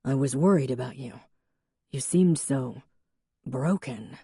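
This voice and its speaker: Audiobook: woman doing a mild, earnest young guy, dark and low, lecturing on goals. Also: takes it slowly, husky, no echo, studio quality, exaggerated voice. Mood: soft earnest. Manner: mild, preachy about goals. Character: earnest fit young man, mild and self-assured.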